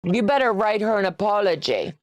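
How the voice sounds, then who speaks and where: A little fast, with lively intonation and a mid-range voice, a woman in her sixties hosts a quilting livestream on a dry recording. She chats casually while sewing, teases viewers and calls them by name, reads out their comments, and laughs often.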